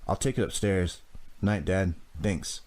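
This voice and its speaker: A man's voice: low voice, unhurried, darkish tone. A man reading the lines of a tired, shaken teenage boy. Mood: weary. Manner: tired and subdued.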